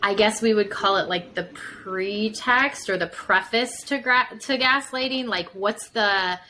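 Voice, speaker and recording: As a podcast guest, a woman psychotherapist talks casually, full of fillers, acting out examples as she explains. Her mid-range voice is a little slow with a sharp tone. The recording is low quality, with slight background noise.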